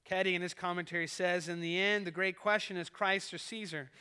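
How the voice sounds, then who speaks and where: A male pastor preaching a sermon at a live church service, building to loud emphasis and reading a poem with dramatic force. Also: high voice, steady tone, a little fast, smooth. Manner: preaches with rising emphasis, reads poetry dramatically. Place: church sanctuary. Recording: live church service with long hall reverb.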